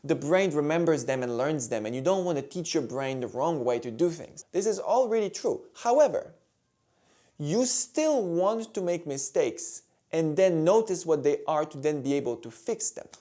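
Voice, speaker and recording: Man, violin teacher, calm clear explaining, animated pitch. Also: normal speed. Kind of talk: instructional video talk.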